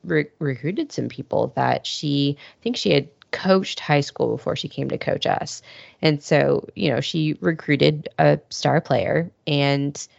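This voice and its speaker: Woman, podcast co-host, very low gravelly voice, rambling casual talk, dry dull recording. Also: unhurried, a little mellow, dry recording. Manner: rambling, filler-heavy storytelling. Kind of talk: casual chat.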